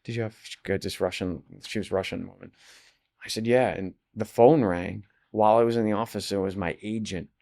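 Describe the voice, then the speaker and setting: A man in his forties, a guest actor telling long stories in a casual interview, rambling with many restarts and jumping into animated quotes. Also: on the low side, fairly quick, gravelly.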